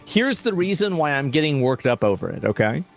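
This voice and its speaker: Fired-up dude doing commentary, kinda high voice. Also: male voice, sing-song, a little fast, creaky, soft background music. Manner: heated, emphatic. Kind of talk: heated commentary.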